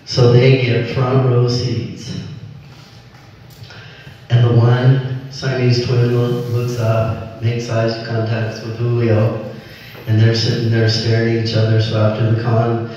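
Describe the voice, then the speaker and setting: A man tells jokes at an unhurried, drawling pace, stopping now and then to read from his notes. His voice comes from well away from the mic and rings around a big echoey hall. The sound is dull and muffled, like a basic recording of a live show. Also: medium pitch, monotone, warm tone, recorded from a distance, slight background noise. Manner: slow, drawling joke delivery, reading from notes. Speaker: amateur comedian telling jokes. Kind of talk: stand-up joke telling.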